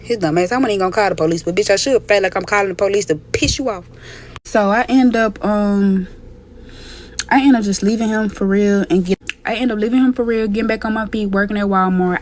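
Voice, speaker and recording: A woman's voice: mid-range voice, fairly even intonation, fast talker, slight background noise. A young adult woman telling a personal story in a blunt, profane, candid way. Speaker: storytime vlogger. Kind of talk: casual storytelling.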